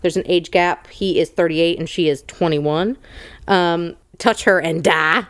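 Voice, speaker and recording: Low-voiced woman summarizing a book. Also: measured pace, no room sound, clean studio sound. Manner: brash, summarizing with fillers and crude jokes. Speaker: podcast co-host. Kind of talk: casual book club chat.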